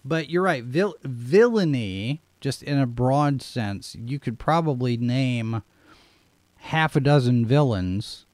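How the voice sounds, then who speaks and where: A man co-hosting a casual chat over a video call, talking conversationally with quick asides. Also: mid-range voice, animated, darkish tone, no room sound. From United States. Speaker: podcast co-host.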